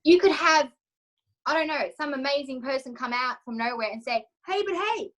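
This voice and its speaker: Brisk and a bit bright, this woman's high-sitting voice comes through poor audio as she guests on an interview. A confidence coach, she shares her story with raw candor and emotion, voicing her inner thoughts aloud.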